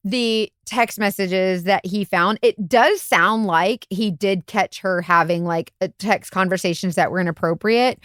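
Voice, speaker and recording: A woman's voice: unhurried, hardly any pauses, no room sound, clean studio sound. A woman, a private investigator co-hosting a podcast, telling a story in casual chat and acting out the quotes with big jumps in voice. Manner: animated, acts out quotes with big pitch jumps.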